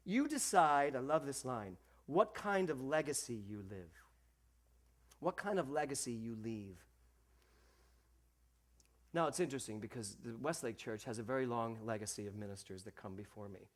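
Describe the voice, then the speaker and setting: A man preaching a sermon to a congregation, animated, acting out the voices he quotes and speaking directly to his listeners. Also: mid-range voice, normal speed. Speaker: minister.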